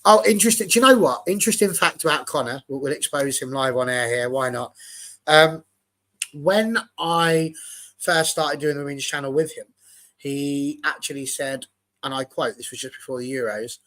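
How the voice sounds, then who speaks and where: A man's voice: on the high side, moderate pace, pushed and bright. A man from England hosting a casual football chat show and telling a long story. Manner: storytelling, chatty. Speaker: show host.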